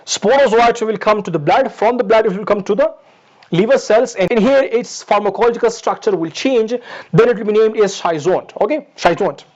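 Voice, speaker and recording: Male lecturer, high voice, patient repetitive teaching, muffled lo-fi sound. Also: brisk, a little mellow. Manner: repetitive, explains step by step, addresses students as "my dears". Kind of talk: pharmacology lecture. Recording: dull lo-fi recording.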